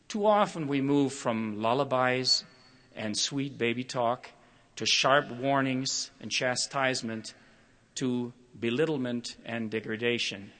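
An older man giving a prepared public talk, measured and expressive, acting out quoted voices as he tells stories. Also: medium pitch.

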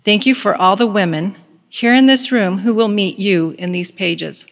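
A woman's voice: mid-range voice, normal speed, gravelly, long reverb tail, natural voice. A woman voicing a weary, reluctant woman prisoner who reads scripture and prays grudgingly.

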